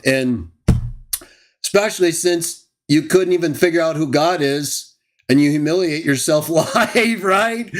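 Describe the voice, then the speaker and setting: Taunting man ranting on a live stream. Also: on the high side. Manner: mocking, taunting, laughs at his targets. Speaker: host of a live stream show. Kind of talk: heated live stream rant.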